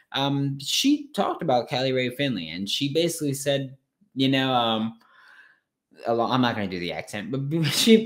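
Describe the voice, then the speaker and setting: A man hosting a sports podcast late at night, talking casually, animated and frank, with some swearing. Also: medium pitch.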